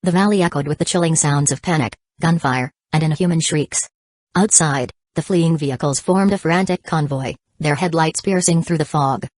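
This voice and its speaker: Low-voiced woman reading an audiobook. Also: moderate pace, a little mellow, no echo. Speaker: audiobook narrator. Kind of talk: scripted audiobook narration.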